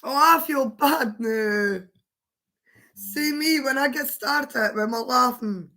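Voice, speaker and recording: High-voiced giggly woman, hoarse. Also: slow, pushed and bright. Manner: giggly, fighting fits of laughter. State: hoarse from laughing. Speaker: livestream host. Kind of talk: casual live chat.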